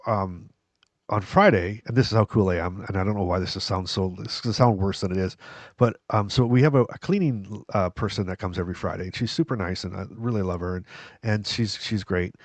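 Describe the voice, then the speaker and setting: A man's voice: deep voice, fairly quick, no room sound. A man co-hosting a podcast in casual chat, a rambling storyteller who laughs often. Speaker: podcast co-host. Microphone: headphones and studio mic.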